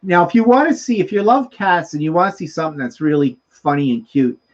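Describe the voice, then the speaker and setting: A man's voice: on the high side, animated, fairly quick, muffled recording. A man hosting a casual livestream chat, reading out viewer comments and signing off the show. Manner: chatty, reads viewer comments aloud. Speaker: host.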